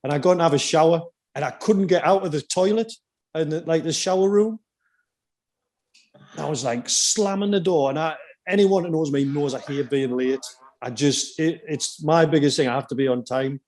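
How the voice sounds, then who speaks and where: A man hosts a relaxed podcast chat, spinning anecdotes and acting out quoted lines as he goes. His voice sits a little on the high side. The talk is loose and conversational. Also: moderate pace. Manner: animated anecdotes with quoted asides. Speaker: podcast host, former teammate. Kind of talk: casual storytelling chat.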